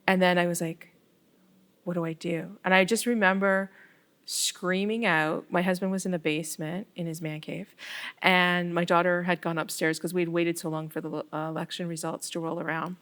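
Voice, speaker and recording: A middle-aged woman from Canada, a ward councillor in a casual interview, telling stories in an animated way and acting out the dialogue. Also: fairly low pitch, normal speed. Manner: animated storyteller, acts out quoted dialogue.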